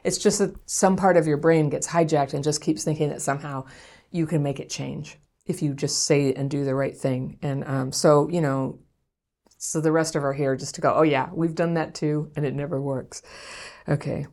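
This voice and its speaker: Low-voiced woman giving frank advice. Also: steady tone, normal speed, a little mellow. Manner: frank and conversational, often laughing. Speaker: podcast host giving relationship advice. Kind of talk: advice podcast answering a listener's letter.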